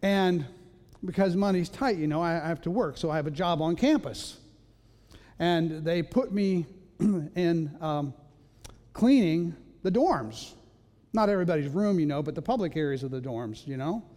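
A male pastor preaches in a light, high voice, telling homely stories and slipping into playful voices with a self-mocking humor. His words ring out in a large church with a long, trailing reverb. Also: animated, normal speed, warm tone. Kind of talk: sermon. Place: church sanctuary.

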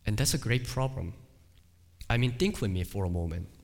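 A male pastor preaching a sermon in an emphatic, deliberate way, with dramatic dips and swells. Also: on the low side, expressive, vocal fry. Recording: long hall reverb.

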